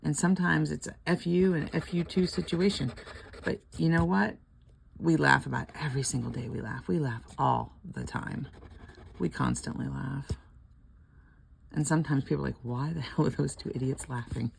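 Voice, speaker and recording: A woman's voice: sits low, moderate pace, gravelly, slight background noise. An older woman chatting casually at home while scratching lottery tickets, rambling, laughing often and murmuring letters half under her breath.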